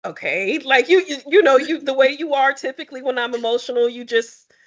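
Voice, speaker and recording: A young adult woman sharing personal stories in a candid, expressive and sometimes tearful conversation. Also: high voice, a little fast, muffled recording. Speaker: podcast co-host. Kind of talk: emotional heartfelt conversation.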